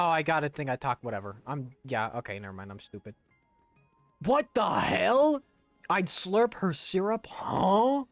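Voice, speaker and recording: A young man with a mid-range voice chats loosely while playing a video game on stream, with no echo. He rambles and jokes, breaking into silly voices, in casual let's-play commentary.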